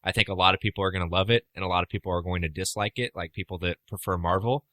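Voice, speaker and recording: A man's voice: low-pitched, steady tone, very fast, pushed and bright, no room sound. A man co-hosting a podcast, chatting casually and arguing his point with teasing and swearing. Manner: argumentative, teasing, swears freely. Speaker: podcast co-host. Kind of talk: casual chat.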